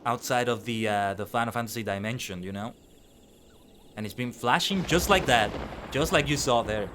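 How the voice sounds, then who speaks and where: A man's voice: mid-range voice, moderate pace, fairly bright tone, slight background noise. A man giving casual, chatty commentary while playing a game, sometimes stumbling over his words. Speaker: streamer. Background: game music.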